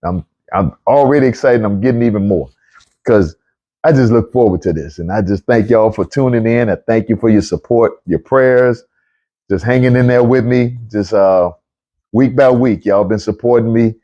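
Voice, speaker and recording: A man hosting a casual livestream Bible talk, chatty and excitable, often repeating himself as he greets viewers. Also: on the low side, normal speed, dull audio. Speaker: online show host.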